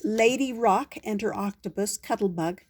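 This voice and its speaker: An older woman, a grandmother, reading a children's storybook aloud in a slow, gentle way. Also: medium pitch.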